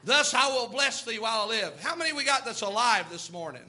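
High, bright-voiced fervent preacher man. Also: sing-song, brisk. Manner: fervent, rhythmic preaching with scripture readings. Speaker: pastor. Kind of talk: sermon.

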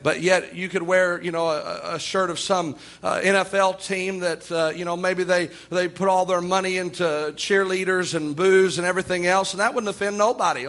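High, bright-voiced preacher man. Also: steady tone, normal speed, few pauses. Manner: folksy storytelling preacher, chuckling, repeats "oh my". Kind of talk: sermon.

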